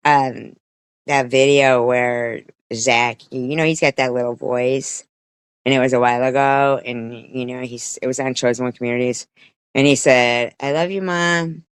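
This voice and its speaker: A woman's voice: a bass voice, little pitch movement, a little slow, clean tone, no echo. A woman streamer giving a rambling, profane commentary rant, with many restarts and quoted voices.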